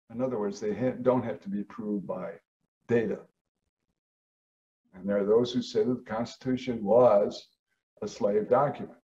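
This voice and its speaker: A man giving a lecture, stressing key words with sharp rises in pitch. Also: distant mic, dull audio. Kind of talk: lecture on founding history.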